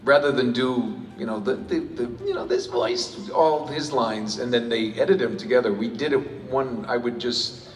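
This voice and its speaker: A man's voice: mid-range voice, normal speed. A man answering audience questions at a convention panel, rambling and joking, with lots of restarts. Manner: rambling, self-interrupting, jokey. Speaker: panel guest voice actor. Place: large convention hall. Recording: echoey hall recorded from far off.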